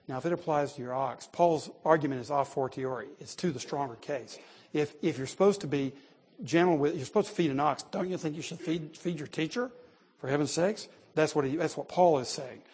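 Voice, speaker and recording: A man's voice: mid-range voice, darkish tone, breathy edge. A man preaching an expository sermon, reading scripture and explaining it in a conversational way, with joking asides and rhetorical questions.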